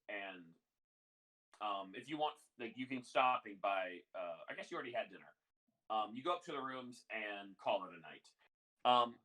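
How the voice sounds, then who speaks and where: A man's voice: mid-range voice, pushed and bright, poor audio. A man narrating as game master in a casual, rambling way. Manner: casual, lots of fillers and restarts.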